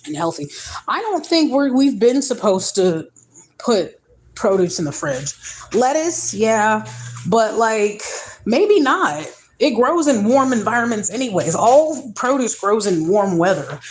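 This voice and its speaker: A young woman vlogging casually at home, rambling and candid, tired, her voice climbing higher when she gets emotional. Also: slight background noise. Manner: rambling, emotional, candid, swings to a high pitch when moved. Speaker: mother vlogging her day. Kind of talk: casual vlog chat.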